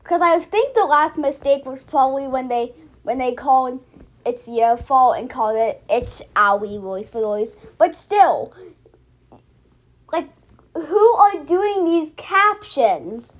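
Chatty high-voiced young woman reacting. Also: animated, slow. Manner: chatty, restarts a lot, mocking. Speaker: reaction video host. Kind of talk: casual reaction commentary.

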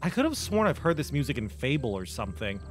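A man's voice: mid-range voice, big pitch swings, fast, slight background noise. A young man casually commenting on his gameplay, joking and rambling with plenty of fillers. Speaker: gaming video host.

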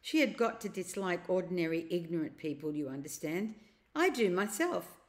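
Sly old uncle put on by a woman reading, slow and coaxy, smooth talker in a storybook. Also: lowish voice, expressive, close to an everyday voice. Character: scheming elderly uncle, smooth and evasive.

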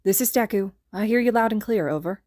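A woman voicing an earnest young man working as a medic, calm and kind with patients, in a fan podfic. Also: medium pitch, a little fast, no room sound, clean studio sound, close to an everyday voice. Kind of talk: podfic character reading.

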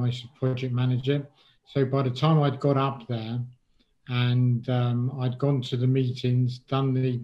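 A man's voice: medium pitch, a little mellow, dull audio. A middle-aged man from England, a guest in an interview, speaking casually and hesitantly, with many ums and restarts.

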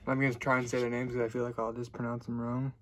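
A young man hosting a casual card-opening video, chatting loosely and getting excited at good pulls. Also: mid-range voice, fast. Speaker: card-opening channel host.

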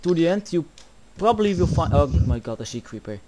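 A man's voice: on the high side, big pitch swings, a little fast, noisy background. A man giving frantic let's-play commentary, panicking and swearing often. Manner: panicky, swearing, frequent exclamations. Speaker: gameplay commentator.

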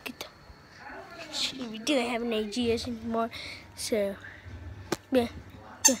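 A woman talks to her camera in a high voice, drawn out and unhurried. She rambles, restarts her sentences and giggles between them. A faint hiss sits under the recording. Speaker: vlogger. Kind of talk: casual home vlog.

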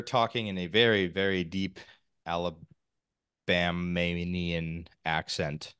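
Low-voiced podcast guy, takes his time, smooth clear voice, dry close sound. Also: fairly bright tone, no echo. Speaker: podcast host. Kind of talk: casual podcast chat.

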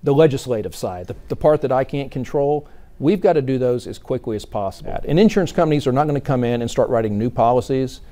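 A man's voice: mid-range voice, animated, fast, dark tone. A man, answering news interview questions earnestly and often restarting his sentences. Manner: earnest, repeats words when starting sentences. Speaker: insurance commissioner-elect.

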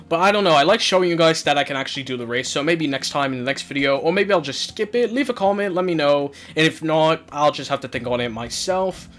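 A man commentating his own racing game play, excitable, shouting and laughing at the game. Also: fairly high pitch. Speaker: gaming channel host.

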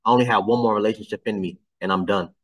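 A man's voice: fairly low pitch, fairly even intonation, rapid-fire, a bit bright, distant mic, rough recording. A man hosting a casual reaction commentary, talking bluntly and getting exasperated, his voice climbing when he is incredulous. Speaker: commentary channel host.

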